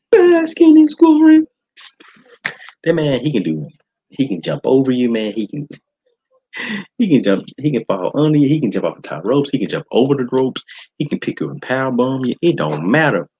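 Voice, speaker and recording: A man hosting a podcast, giving casual, slangy commentary on wrestling as he watches. His talk jumps to high excited shouts. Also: slightly rough, dull audio. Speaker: podcast host.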